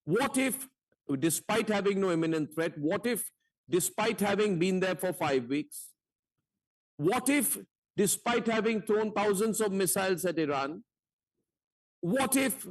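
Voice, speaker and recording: A man's voice: high-pitched, lively intonation, measured pace. A man anchoring a heated televised debate, combative and mocking, firing repeated rhetorical questions.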